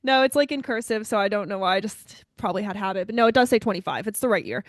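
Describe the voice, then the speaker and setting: A young woman co-hosting a podcast, chatting casually and brightly, often addressing listeners as "you guys.". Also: mid-range voice, lively intonation, fast, no room sound, studio quality. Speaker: podcast co-host. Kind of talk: casual chat.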